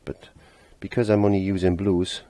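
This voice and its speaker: A man's voice: low-pitched, level tone, normal speed, warm tone, no echo. A middle-aged man teaching a casual painting lesson, chatty and laughing at himself, trailing off when he concentrates.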